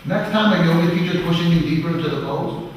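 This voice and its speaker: A man's voice: fairly high pitch, quick pace, slight background noise. Blunt man lecturing in an echoey hall. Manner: blunt, animated and profane, with quoted voices and laughs. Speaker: yoga teacher. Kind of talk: lecture to a live audience. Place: yoga studio hall. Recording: echoey hall recorded from far off.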